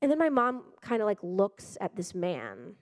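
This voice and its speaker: A woman doing a stand-up comedy set on stage, animated and swearing, often breaking into loud acted-out voices. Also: mid-range voice, normal speed, no room sound, clean studio sound. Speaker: stand-up comic. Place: stage before a live audience.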